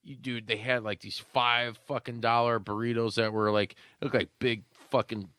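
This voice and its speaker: A man's voice: mid-range voice, flat delivery, moderate pace, smooth, no room sound. Male podcast co-host, mid-range voice, dry studio sound, rambling and foul-mouthed. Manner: rambling, profane, bursts into loud goofy shouts. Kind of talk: casual chat.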